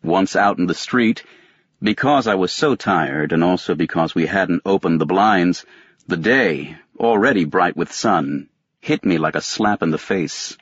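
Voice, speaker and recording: A man with a very low, slightly husky voice reads a novel in the first person. His delivery is measured and detached. The recording is dry and close, with a somewhat muffled, dull tone. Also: dry recording. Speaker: audiobook narrator. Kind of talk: scripted narration.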